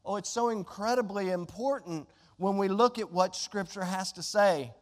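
High-voiced preacher in a reverberant church. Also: male voice, normal speed. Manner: impassioned, conversational preaching with sudden drops to quiet pleading. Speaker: pastor. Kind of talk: sermon. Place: church sanctuary.

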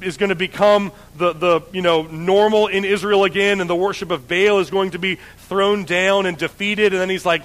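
A preacher with a high, steady, slightly bright voice teaches the Bible at normal speed with hardly any pauses. He reads passages and retells them conversationally in everyday slang. The recording quality is low.

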